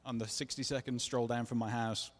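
A man's voice: mid-range voice, level tone, brisk. Earnest man preaching in a reverberant hall. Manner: earnest, confessional, acts out dialogue. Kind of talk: sermon testimony storytelling. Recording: long reverb of a large hall.

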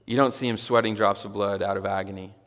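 A man's voice: lowish voice, fairly even intonation, fast, a bit bright, big-room sound. A male pastor preaching a sermon to his congregation, talking conversationally and building to emphatic, repeated exclamations. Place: church hall with a congregation.

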